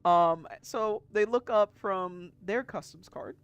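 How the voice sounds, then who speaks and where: Game master, tabletop narration, relaxed chatty, slow pace, soft music behind. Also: medium pitch, clear, resonant tone, dry recording.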